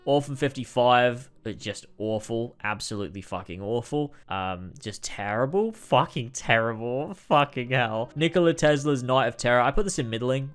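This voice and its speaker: A man's voice: medium pitch, animated, normal speed, hardly any pauses, clean tone. A man giving casual, exasperated ranking commentary, swearing and sighing often. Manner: exasperated, frequent swearing and sighs. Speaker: video creator ranking episodes.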